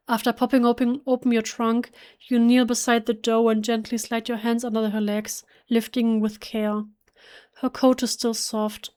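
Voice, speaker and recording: Her voice sits fairly high yet stays flat in pitch as she reads the horror game's narration at a moderate pace. A German-native let's play gamer, she reads in English, hushed and emotional, often catching herself and restarting mid-word.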